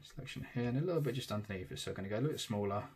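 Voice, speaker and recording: A man, casually talking through a digital tattoo drawing in real time, thinking aloud and trailing off softly. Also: fairly low pitch, very fast, breathy edge.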